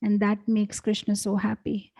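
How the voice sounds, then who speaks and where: A woman's voice: mid-range voice, monotone, normal speed, mellow, rough recording. A woman giving a devotional talk, telling a story and acting out the voices of its characters. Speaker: temple speaker. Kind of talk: storytelling sermon.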